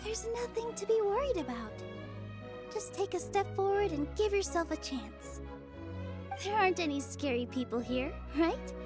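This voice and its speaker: A woman voicing a gentle young woman dancer who speaks with soothing encouragement, heard as game audio. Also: very high voice, animated, moderate pace. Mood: reassuring. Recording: game audio over loud music.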